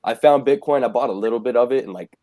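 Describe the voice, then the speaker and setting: A man's voice: mid-range voice, fast talker, warm tone, no room sound. A young man, a podcast guest, talking casually and plainly. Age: young adult. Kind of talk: casual chat.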